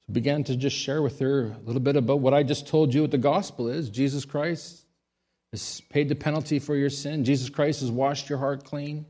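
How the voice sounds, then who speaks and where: A man, a pastor, giving a sermon: he tells stories in a quiet voice and rises to loud, emphatic high peaks. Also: fairly even intonation, fairly quick.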